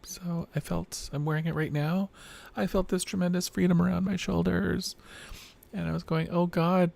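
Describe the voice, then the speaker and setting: She sounds tired, as if recording at the end of a long day, talking late at night in a loose video-diary style that's reflective and pokes fun at herself. The voice is low, rough and fry-heavy, androgynous yet mostly male-sounding, with a steady, warm tone at a moderate pace.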